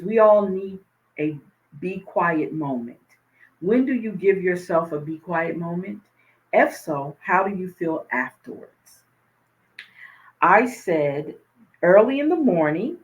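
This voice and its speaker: Slow, low-pitched woman coach talking. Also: low-quality recording. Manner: slow, soothing cadence in the repeated lines; chatty, thinking aloud with fillers. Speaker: talk show host and life coach. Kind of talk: casual talk with a reflective reading.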